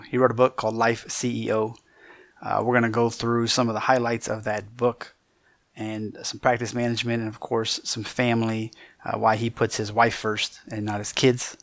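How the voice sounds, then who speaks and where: A man with a faint Cajun American accent hosts a podcast interview in an upbeat, chatty way. His voice sits at an ordinary middle pitch and is recorded dry and close to the mic, with no room sound around it. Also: gravelly, fairly bright tone, no room sound. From Louisiana, United States. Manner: upbeat, chatty, laughs easily. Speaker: podcast host.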